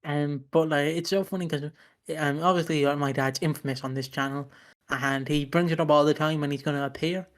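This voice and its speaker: A man's voice: a little high, steady tone, brisk. A young man co-hosting a podcast, telling rambling, sweary anecdotes with lots of restarts. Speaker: podcast co-host. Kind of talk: casual chat.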